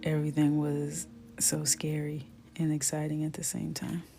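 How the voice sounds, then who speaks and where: A woman in her thirties telling stories while she colors on a live stream, chatty and animated, often dropping to a near whisper. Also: deep voice, normal speed, creaky, soft background music. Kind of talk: casual storytelling while coloring.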